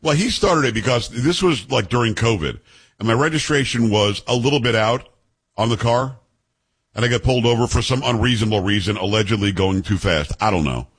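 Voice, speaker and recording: A middle-aged man hosts a talk radio show with a husky, slightly breathy voice at an ordinary pitch. He rambles casually and cracks jokes into a close studio microphone. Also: brisk, a bit bright. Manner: chatty, joking, self-promoting. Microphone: studio broadcast mic.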